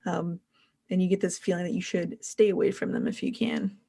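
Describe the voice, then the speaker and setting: A woman's voice: on the low side, steady tone, a little fast, gravelly, mellow, breathy edge. A woman running a tabletop role-playing game as game master, narrating in a loose, rambling way with many fillers.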